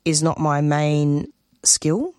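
A woman, a community radio producer speaking as an interview guest, earnest and emotional, halting and restarting her sentences. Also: sits low, lively intonation, darkish tone, clear, resonant tone, dry recording, clean studio sound. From Australia. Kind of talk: interview guest, spontaneous talk.

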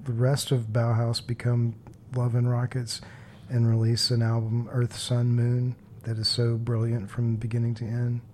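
A man working as a radio DJ, chatting casually in a relaxed, rambling way with lots of fillers, from a studio microphone. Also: mid-range voice, a little hiss or hum.

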